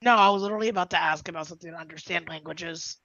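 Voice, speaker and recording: A man plays a tabletop game and cuts in eagerly with his questions. His voice sits a little high. It is dry and comes through a slightly dull, lo-fi mic. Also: rapid-fire, gravelly, sharp tone, no room sound. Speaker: player. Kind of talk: casual tabletop play.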